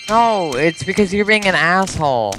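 A man's voice: high-pitched, lively intonation, moderate pace, sharp tone, faint music behind. A young man complaining and cursing in frustration while gaming with a friend. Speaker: gamer. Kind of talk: casual multiplayer gaming chat.

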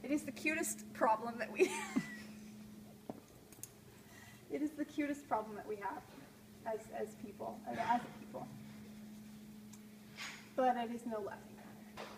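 High-voiced woman, playful rambling host. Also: normal speed, long pauses. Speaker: host of a live call-in art show. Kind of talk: live stream chat while drawing. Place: art gallery, indoors. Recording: noisy live stream room.

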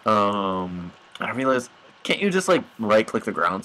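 A man's voice: lowish voice, sing-song, unhurried, pushed and bright, slight background noise, low-quality recording. A young man giving goofy, mock-dramatic commentary over his own gameplay, talking to the animals on screen.

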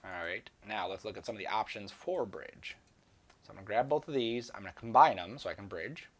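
A man giving a screen-recorded software tutorial, talking casually and rambling to himself as he works. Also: on the low side, fairly quick. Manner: casual, rambling, talks to himself while working. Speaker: 3D software instructor.

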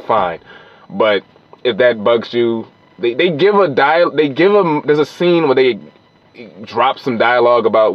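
A man's voice: medium pitch, animated, a little slow, dull audio. A man reviewing a film in a loose, rambling monologue, full of fillers and restarts.

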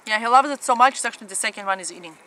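Racing along in a high, bright, pushed voice, a woman hosts a family mukbang while sitting on the ground at an outdoor festival. She chats excitedly between bites with many mm-hmms; the recording quality is poor and faint festival noise can be heard.

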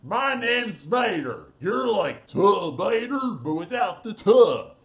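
A man's voice: sits high, sing-song, slow pace, creaky, full character voice. Mater, a man doing a twangy tow truck. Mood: cheerful. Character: friendly hick male tow truck, chatty. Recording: roomy echo.

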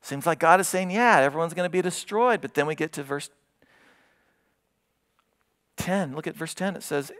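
A man preaching a sermon as pastor of his church, expressive, his voice climbing as he retells a scripture story and dropping low to stress a point. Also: normal speed, pauses often, clean tone.

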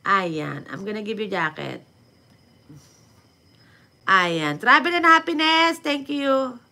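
A woman with a Filipino accent hosting a casual livestream, reading viewer comments aloud and answering them in halting English mixed with Tagalog, with many fillers. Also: medium pitch, creaky, bright, forceful tone. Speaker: livestream host.

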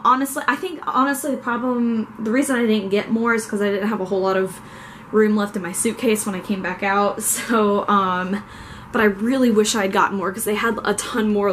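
A woman's voice: medium pitch, fairly bright tone, slight background noise. A young woman from Ohio vlogging casually, rambling along with many fillers. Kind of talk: casual chat. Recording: echoey room with faint ambience.

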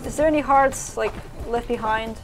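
Excitable high-voiced woman streamer. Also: moderate pace, noisy background. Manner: excitable, frequent exclamations while playing. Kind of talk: live gameplay commentary. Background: game music.

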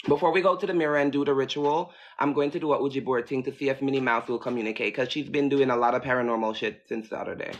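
A man's voice: mid-range voice, steady tone, fast talker, highs cut off. A man on a livestream chatting nervously to viewers during a spooky ritual, swearing and addressing his audience directly. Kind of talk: casual livestream ritual chat.

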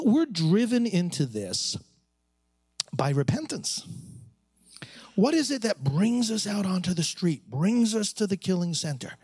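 Man preaching, high voice, lively swooping delivery, dry close sound, rhetorical questions. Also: no room sound. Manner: repeats key phrases for effect. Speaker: priest addressing a pro-life conference. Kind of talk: preached conference speech.

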